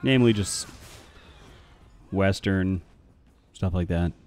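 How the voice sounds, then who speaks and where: A man's voice: sits low, slow pace, a little mellow. A man chatting casually on a live game stream, rambling and answering his chat.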